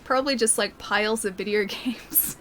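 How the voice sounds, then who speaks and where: A woman's voice: medium pitch, normal speed, a bit bright, a little hiss or hum. A young Australian woman streaming a video game, chatting casually, answering viewers and laughing often, with a soothing voice. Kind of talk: casual live-stream chat while gaming.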